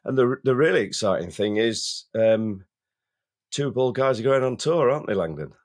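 A man's voice: mid-range voice, lively intonation, normal speed, darkish tone. A man, co-hosting a podcast while he has a cold, chatting and often repeating words as he starts a sentence. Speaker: podcast co-host. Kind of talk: casual chat.

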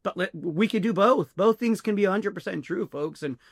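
Talking casually on a podcast he co-hosts, this man addresses listeners as folks with real earnestness, frequently stumbling and starting his sentences over. His voice sits high and moves fairly quickly, captured at studio quality without any echo.

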